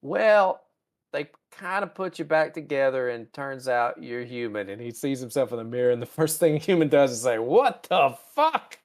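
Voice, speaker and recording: Man, podcast co-host, casual recap, mid-pitched, acts out characters. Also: no echo. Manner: animated, acts out characters in quick voices. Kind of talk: casual chat recapping an episode.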